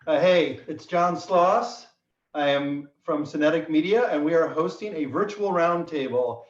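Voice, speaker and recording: A man hosting a virtual roundtable, his voice a little higher than most men's, halting with many fillers and slipping in dry jokes. He sits back from the mic in an echoey room, and the sound comes through a bit dull. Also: recorded from a distance. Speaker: host. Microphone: video call.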